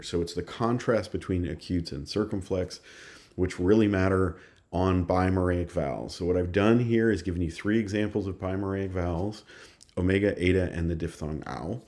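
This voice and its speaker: A man with a very low voice gives a recorded lesson. He explains each point patiently, one step at a time. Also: darkish tone. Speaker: teacher. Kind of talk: recorded lecture.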